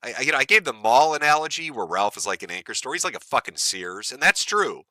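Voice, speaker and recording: A man's voice: mid-range voice, expressive, fast talker, bright, forceful tone, dry recording, clean studio sound. A man from the United States hosting a live stream, ranting in a profane, mocking and gleeful way. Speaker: stream host.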